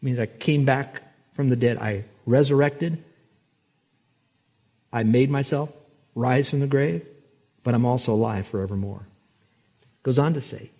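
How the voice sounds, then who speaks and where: A man pastor preaching a sermon, telling a story and slowing down to stress scripture. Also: medium pitch, dark tone, muffled recording. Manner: storytelling, slows and swells for emphasis on scripture.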